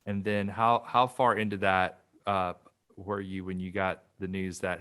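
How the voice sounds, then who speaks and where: Brief: male podcast host, very low and level voice, reflective and unhurried with fillers. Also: little pitch movement, pushed and bright, smooth. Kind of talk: casual interview.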